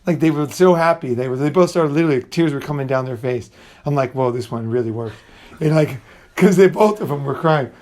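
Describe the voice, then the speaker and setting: The middle-aged host of a channel rambles through a profane story, often starting sentences over and voicing what others said. He speaks fairly quickly in a slightly high, darkish voice.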